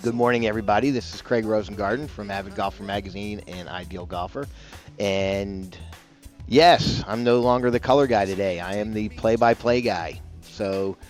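Low-voiced man hosting morning radio. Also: moderate pace, faint music behind. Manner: rambling, chatty, self-deprecating asides. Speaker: radio golf show host. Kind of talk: casual morning radio talk. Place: broadcasting from a bar.

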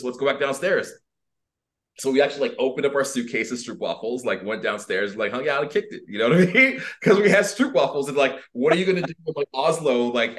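A man, a dating coach on a podcast, telling a story casually with lots of fillers and acted-out voices. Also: medium pitch. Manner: animated, filler-heavy, acts out voices. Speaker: dating and personal development coach, guest.

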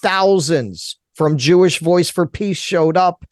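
Man from brooklyn, radio guest, indignant, slightly high voice, dry sound. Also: slow, no room sound. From Brooklyn, New York. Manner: impassioned, indignant. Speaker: guest commentator. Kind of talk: political talk radio interview.

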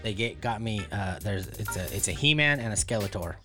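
Man, bright tense voice, casual rambling podcast talk, fillers and restarts, faint background music. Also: on the low side, expressive, fairly quick. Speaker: podcast co-host. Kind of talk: casual chat.

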